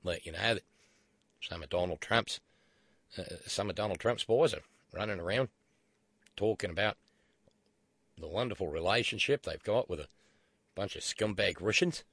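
A man's voice: deep voice, moderate pace, long pauses, a bit bright, no echo. A man voicing a chummy male Australian embassy caller in a put-on Australian accent.

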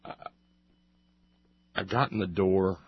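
This male radio commentator speaks slowly in a low, steady voice with a breathy edge as he carries a long sarcastic monologue up to comic outbursts. No room sound is audible, and the recording is muffled and lo-fi.

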